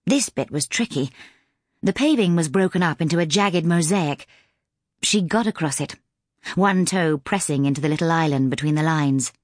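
Reading a scripted audiobook, a low-voiced woman narrator tells the story in a measured, expressive way. The recording is dry and studio quality.

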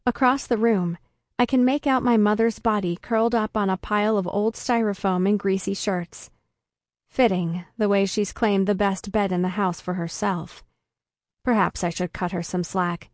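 Woman doing deadpan audiobook narration, mid pitch, super dry close sound. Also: normal speed, no room sound. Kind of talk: first-person audiobook narration.

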